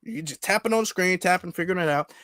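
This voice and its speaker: Man, high voice, dry close sound, casual emphatic political commentary with a mock service-call bit. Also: fast talker, a bit bright, no room sound. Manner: mock customer-service skit, repetitive and emphatic.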